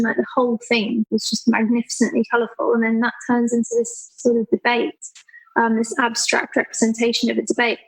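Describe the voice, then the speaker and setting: A woman guest artist chatting in an interview, telling animated stories and often acting out the people in them. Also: a little high, gravelly, husky, rough recording. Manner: animated storyteller, acts out quoted people, laughs often. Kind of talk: casual conversational interview.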